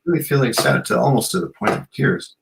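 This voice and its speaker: Speaking briskly in a mid-range, creaky voice, a male guest, an author and shamanic practitioner, reflects earnestly during an interview and often falls back on "you know." Background noise is present.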